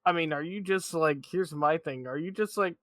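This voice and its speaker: Laid-back, bright-voiced podcast man. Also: on the high side, moderate pace, no room sound. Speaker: podcast co-host. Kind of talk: casual podcast banter.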